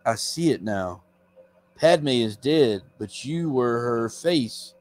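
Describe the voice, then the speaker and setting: A man reading the lines of a stern male dark lord from a comic, slow and measured. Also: mid-range voice, lively intonation.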